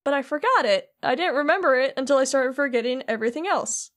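A woman's voice: high-pitched, lively intonation, fast. A woman voicing an earnest, determined teenage boy hero while retelling a game scene on a podcast.

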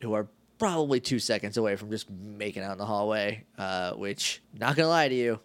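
A man's voice: lowish voice, expressive, brisk. A man co-hosting a podcast, casually recapping a TV episode in a rambling, jokey way. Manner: rambling, jokey, acts out quotes. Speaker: podcast co-host.

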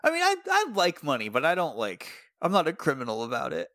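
A man co-hosting a podcast, chiming in with quick jokes and laughing often during a casual episode recap. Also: fairly high pitch, wildly swooping pitch, pushed and bright, dry recording, studio quality. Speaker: podcast co-host.

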